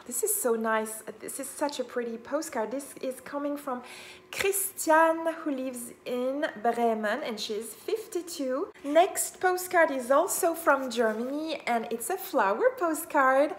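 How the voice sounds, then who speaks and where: This is a woman chatting in a casual vlog. Her voice sits high and she takes her time. She is openly enthusiastic, often breaking into small gasps and laughs. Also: expressive, measured pace, a little hiss or hum. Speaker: vlogger.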